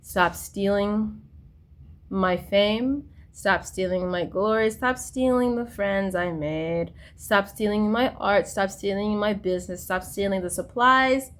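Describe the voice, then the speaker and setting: A woman vlogging in a casual, rambling monologue, repeating herself insistently and swinging between loud bursts and near whispers. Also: mid-range voice, slow. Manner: frequent fillers and restarts.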